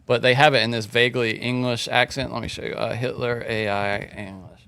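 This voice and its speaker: Bright-voiced easygoing podcast co-host. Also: male voice, medium pitch, little pitch movement, fairly quick, smooth, no echo. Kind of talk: casual podcast chat.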